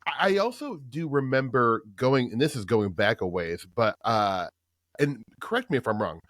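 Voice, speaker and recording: A man's voice: medium pitch, expressive, a bit bright, dry recording, studio quality. A man hosting a podcast, chatting casually with his guest and affirming him often. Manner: engaged, quick to laugh and affirm. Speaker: podcast host. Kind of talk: casual interview chat.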